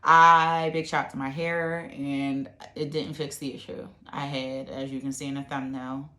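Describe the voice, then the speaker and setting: Very low-voiced chatty woman vlogger. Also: flat delivery, unhurried, pushed and bright. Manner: chatty and rambling, many fillers. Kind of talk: casual chat to camera. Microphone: camera. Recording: echoey room.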